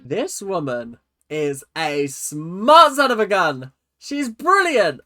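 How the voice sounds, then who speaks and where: A man, hosting a casual reaction video, jokey and animated, laughing at himself. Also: sits high, slow, faint music behind.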